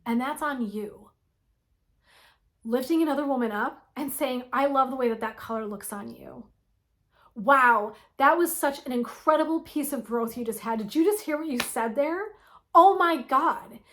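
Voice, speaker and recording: A woman in her forties with a slightly high voice delivers a blunt, impassioned pep talk straight to her viewers. She swears freely and preaches with fire. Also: normal speed, a bit bright. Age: 40s. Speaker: wellness vlogger. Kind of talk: impassioned motivational vlog.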